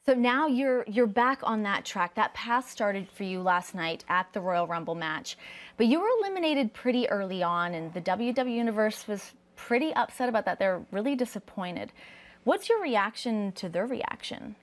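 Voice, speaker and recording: A woman interviewing a wrestler, asking clear, steady questions. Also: mid-range voice, normal speed. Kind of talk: sports interview.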